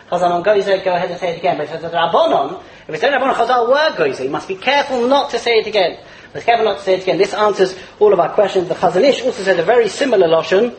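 A man teaching a Torah class in a lively lecture, chuckling as he explains and mixing Hebrew and Yiddish terms into his English. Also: high-pitched, rough recording. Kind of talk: animated religious lecture.

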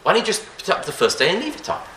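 A man gives a Talmudic lecture with a lively, swooping delivery. His voice is fairly high and bright, and it echoes through the room. He keeps posing questions to his listeners and often restarts his phrases. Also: very fast, slight background noise. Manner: rhetorical questions, frequent restarts, Hebrew and Yiddish terms. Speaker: rabbi teaching a Torah class.

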